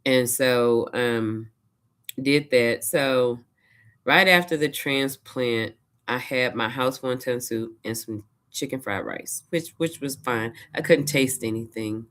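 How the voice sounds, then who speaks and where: A woman from Louisiana, her voice unusually deep for a woman. She talks casually to her vlog camera, retelling events with lively quoted asides. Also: slow pace. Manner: chatty, animated retelling with quoted asides and laughs. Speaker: vlogger. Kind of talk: casual personal storytelling.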